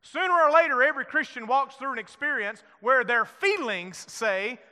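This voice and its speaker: A man preaching a Pentecostal-style sermon, moving between shouted scripture and hushed, intimate storytelling. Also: very high-pitched, expressive, moderate pace, hardly any pauses. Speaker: pastor. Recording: long church hall reverb.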